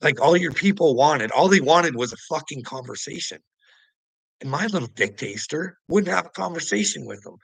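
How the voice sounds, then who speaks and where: A man's voice: a little high, expressive, moderate pace, creaky, fairly bright tone, husky, no echo, rough recording. A man from Canada, ranting profanely at his viewers about politics and laughing between points. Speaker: vlogger. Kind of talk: angry political rant to viewers.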